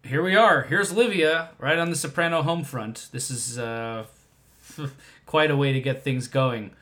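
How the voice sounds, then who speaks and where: A man's voice: medium pitch, measured pace, fairly bright tone. A man co-hosting a podcast, chatting casually and emphatically about a TV drama, sometimes swearing. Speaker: podcast co-host. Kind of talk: casual chat.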